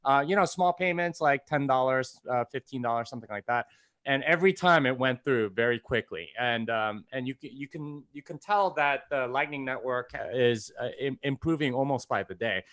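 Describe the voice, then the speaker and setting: Male podcast guest, smooth and clear voice, dry close sound, loose explaining full of fillers. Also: medium pitch, normal speed, a bit bright, no room sound. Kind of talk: casual chat.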